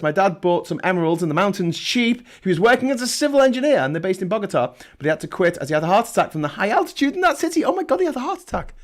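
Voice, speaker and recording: Guy on a livestream, bit higher pitched, sarcastic and rambly, keeps restarting sentences. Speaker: host of a live travel show. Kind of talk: casual livestream chat.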